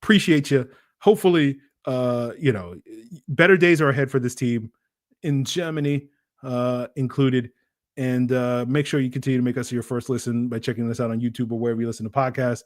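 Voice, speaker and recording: A man's voice: medium pitch, steady tone, fairly quick, dry recording, clean studio sound. A man hosting a sports podcast, breaking down a game in a chatty, rambling, self-mocking way. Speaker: podcast host. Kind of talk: casual sports analysis.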